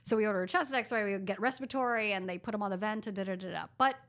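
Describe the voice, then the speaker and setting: A woman with a voice that sits in an ordinary middle pitch tells a story in a relaxed podcast conversation. She is a physician, and she talks in an animated way, acting out what others said and filling her sentences with "like.". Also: rapid-fire. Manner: animated, acts out quoted dialogue, frequent "like".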